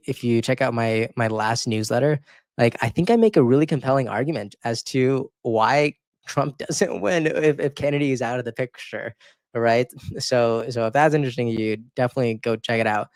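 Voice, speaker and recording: A male channel host reacting to clips of his own past videos in loose, casual commentary. He gets excitable and emotional, stumbling and repeating words as he goes. His voice sits in a middle pitch, heard in a dry room with no echo. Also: moderate pace. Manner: emotional, near tears. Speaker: YouTube political commentator.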